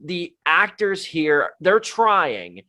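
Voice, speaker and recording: A man co-hosting a movie podcast, talking as a film critic in a casual, wry and animated way. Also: a little high, very slow. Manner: animated, wry, self-deprecating asides. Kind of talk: casual movie review chat.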